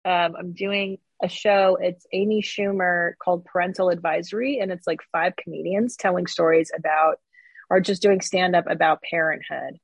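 A woman's voice: fairly low pitch, steady tone, normal speed, husky, dry recording, rough recording. A woman comedian from Canada chatting as a guest in an interview, joking and sarcastic. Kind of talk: casual interview chat.

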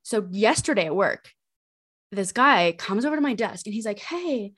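A woman's voice: medium pitch, expressive, normal speed, fairly bright tone. A young woman in her twenties co-hosting a podcast, telling a rambling story full of fillers and laughs. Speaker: podcast co-host. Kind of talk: casual chat.

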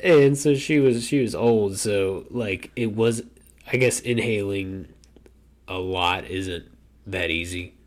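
A man's voice: lowish voice, takes it slowly. A young man chatting casually on a podcast, telling a wry, joking story. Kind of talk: casual chat.

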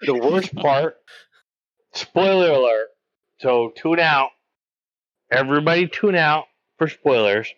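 A man's voice: a little high, animated, unhurried, a bit bright, dull audio. A man co-hosting a podcast in casual chat, blunt and emphatic, swearing a lot. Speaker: podcast co-host.

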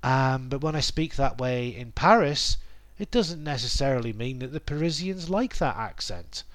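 A middle-aged man hosting a language podcast, talking through a lesson in a thoughtful, self-correcting way with many pauses and asides. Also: mid-range voice, animated, a bit bright. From England. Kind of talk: reflective spoken lesson.

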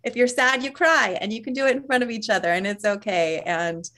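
A woman guest speaking earnestly and reflectively in an interview, laughing softly between thoughts. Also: on the high side, brisk. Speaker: author and parent guest. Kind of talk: conversational interview.

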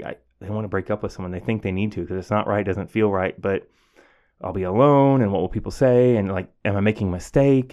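This man's voice is fairly low and darkish in tone. A teacher hosting a podcast, he offers a heartfelt, reflective monologue about his classroom, often using fillers and starting sentences over.

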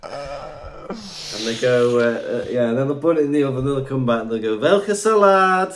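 A man's voice: medium pitch, normal speed, darkish tone, slight background noise. A man co-hosting a podcast in casual banter, joking and laughing often. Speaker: podcast co-host.

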